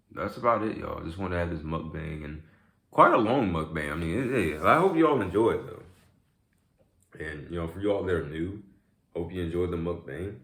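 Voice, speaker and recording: A man's voice: deep voice, fairly bright tone, roomy sound. A young man vlogging in a casual, rambling way while eating, often saying "man" and "y'all". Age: young adult. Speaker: YouTube vlogger. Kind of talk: casual mukbang chat.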